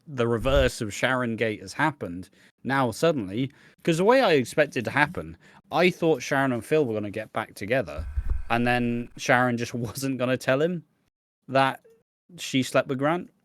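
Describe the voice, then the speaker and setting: A man's voice: mid-range voice, animated, moderate pace, a bit bright, no room sound. A man co-hosting a casual podcast, chatting and acting out scenes in other voices. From Britain. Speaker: podcast co-host. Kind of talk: casual chat.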